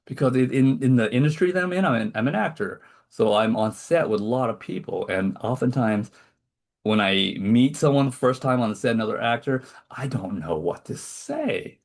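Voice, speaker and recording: A man's voice: medium pitch, expressive, normal speed. A man hosting a casual podcast over a video call, rambling and self-deprecating as he talks. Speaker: podcast host. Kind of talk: casual chat.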